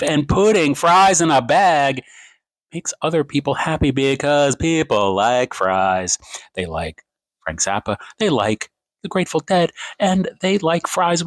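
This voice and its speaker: Rambling self-mocking man, dry sound. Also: no echo. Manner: rambling, self-mocking, shifts pace and pitch for emphasis. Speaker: TikTok creator. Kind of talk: late-night self-help rant to camera. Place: home at night. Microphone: phone camera.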